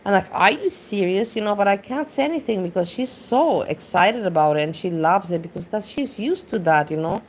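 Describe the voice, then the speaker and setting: A woman's voice: medium pitch, lively intonation, fairly quick, few pauses, a little hiss or hum. A woman rants bluntly and casually, swearing freely and rambling as she goes. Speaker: commentary streamer. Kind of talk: casual rant.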